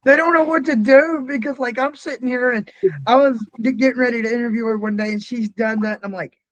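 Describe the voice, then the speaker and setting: A man with a very high voice co-hosting a casual chat. He talks in a quick, blunt, joking way. The sound is dry and close. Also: fairly even intonation, fairly bright tone, no echo, rough recording. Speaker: interviewer, co-host.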